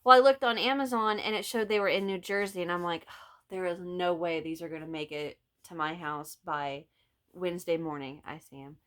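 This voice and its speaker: A woman's voice: on the low side, steady tone, brisk, fairly bright tone. A middle-aged woman with a Southern Illinois accent chatting casually about her crochet projects, telling stories and laughing often. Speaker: vlog host, crocheter. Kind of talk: casual chat.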